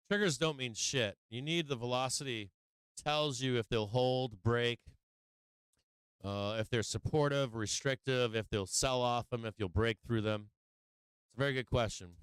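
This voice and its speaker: A medium-pitched man with a clear, resonant voice, recorded dry, runs a live stock-trading stream. His commentary is profane, brash trash talk that swings from muttering to heated outbursts as he explains his moves.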